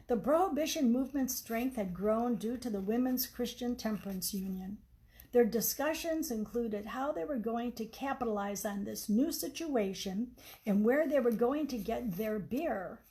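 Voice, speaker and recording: A woman's voice: fairly high pitch, mellow, rough recording. Woman reading her book aloud. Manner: measured, explanatory reading. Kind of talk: storybook reading.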